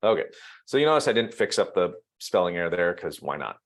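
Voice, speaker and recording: A man giving a casual live online training, thinking aloud while he types and filling pauses with ums. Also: deep voice, sing-song. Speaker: real estate trainer.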